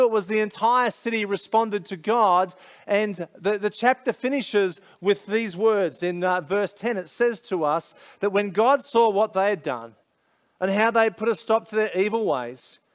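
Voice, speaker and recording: An Australian man with a fairly high voice delivers a sermon. He talks like he is telling a story to friends, with casual slang and lots of asides. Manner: conversational, storytelling, many asides. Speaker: pastor.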